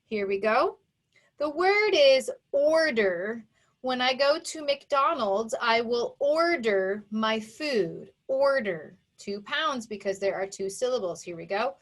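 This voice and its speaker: A woman teaching a phonics lesson to young children, who sounds out each sound and syllable with slow, careful emphasis. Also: a little high, animated. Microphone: recorded for an online video lesson.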